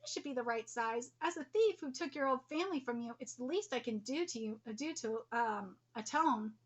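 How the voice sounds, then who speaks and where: A woman's voice: fairly high pitch, lively intonation, a little fast, husky, highs cut off, voice pushed down. A woman voicing a grown man, a stern father weighed down by guilt, while reading a manga aloud. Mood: somber.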